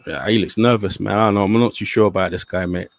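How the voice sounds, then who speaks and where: A young man reacting live to a football penalty shootout, swearing, muttering tensely and then shouting. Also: lowish voice, quick pace, no room sound. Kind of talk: live watch-along reaction.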